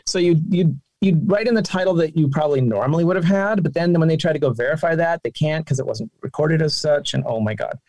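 A man telling his career story as an interview guest, animated and chatty, his voice jumping up when he quotes people. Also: fast talker, few pauses, dry recording. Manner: animated, with sudden pitch jumps. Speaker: guest, game sound designer and singer.

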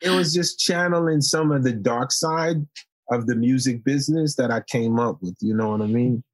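A man from Haiti, a guest in a casual interview, telling stories in a relaxed, playful way and laughing often. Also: mid-range voice, normal speed, dry recording.

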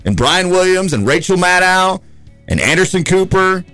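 A man's voice: high-pitched, sing-song, normal speed, pushed and bright, soft background music. Opinionated man hosting talk radio. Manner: opinionated, conversational, rambling. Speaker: radio talk show host. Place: radio studio.

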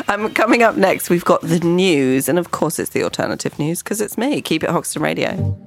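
Playful radio host woman, gravelly. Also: lowish voice, wildly swooping pitch, moderate pace, a little hiss or hum. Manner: playful, teasing questions. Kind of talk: radio interview.

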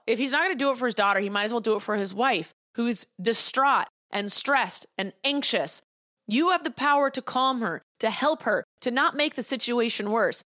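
A woman's voice: fairly high pitch, fairly bright tone, no echo. A woman hosting a solo podcast, talking bluntly with a lot of swearing and heated opinions into a close mic. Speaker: podcast host.

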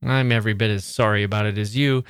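A man reading aloud, voicing an impatient, sharp-tongued older sister who scolds. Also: on the low side, fairly even intonation, fast, clean tone, no room sound, studio quality.

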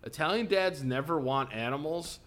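A young male podcast co-host with a fairly high, bright, expressive voice speaks at a moderate pace. He chats casually, trading loose, profane jokes in easygoing banter.

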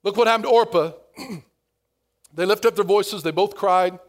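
Pastor guy w a really high voice, animated sermon, slips into little acted-out voices. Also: moderate pace. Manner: animated preaching, acts out inner voices.

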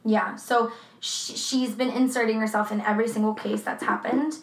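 A woman's voice: fairly high pitch, steady tone, moderate pace, echoey room. A woman co-hosting a true crime podcast in a casual, swearing, laughing chat. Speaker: podcast co-host.

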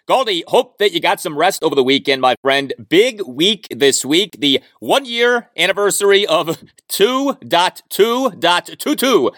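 A man in his forties hosting a sports podcast, reading listener emails and answering with brisk, dry humor. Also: sits high, animated, fairly bright tone, dry recording. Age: 40s. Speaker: podcast host. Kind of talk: sports talk podcast monologue.

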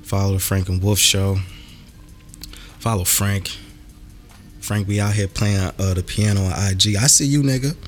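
A man hosting a podcast, ranting in a loose, profane way. His voice sits a little low, with soft music faint behind him. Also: steady tone, normal speed, long pauses. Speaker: podcast host. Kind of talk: casual chat.

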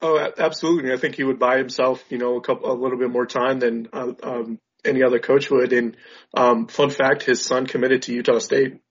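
A man co-hosting a podcast, talking sports in a relaxed, measured way with hesitant fillers. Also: mid-range voice, breathy edge. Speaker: podcast co-host. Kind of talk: casual sports chat. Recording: dull lo-fi audio.

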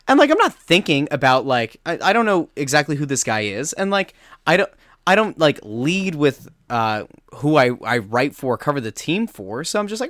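A man's voice: a little high, normal speed, no echo, studio quality. A man co-hosting a casual sports podcast, telling a story with lots of restarts and fillers. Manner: animated storytelling with many restarts. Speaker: podcast co-host.

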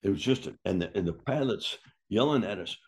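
A man's voice: lowish voice, brisk. An older man, a former wrestler, casually telling a story, acting out what people said and swearing freely. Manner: lively yarn-spinner who acts out quotes and swears freely.

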